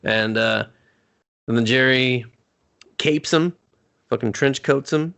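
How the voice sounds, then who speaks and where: A man co-hosting a casual movie recap podcast, swearing freely and acting out characters in quick jokey bits. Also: mid-range voice, vocal fry, a bit bright, smooth. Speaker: podcast co-host.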